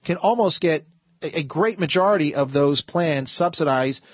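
Talk radio host, man, slightly high voice, stammering, dry close sound, muffled broadcast. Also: normal speed, no echo. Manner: stammering, repeats words while building arguments.

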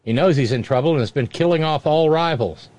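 A man's voice: on the high side, a little mellow, no room sound. A man hosting a commentary show, reading news items and breaking in with sarcastic, mocking asides. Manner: wry, mocking, quick interjections.

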